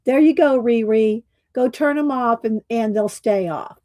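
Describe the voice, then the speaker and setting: Woman livestream host, slow chatty delivery, slightly croaky, dry close mic. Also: a little high, warm tone, no room sound. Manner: slow, chatty, laughs often, Southern "y'all". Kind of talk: casual livestream chat greeting viewers.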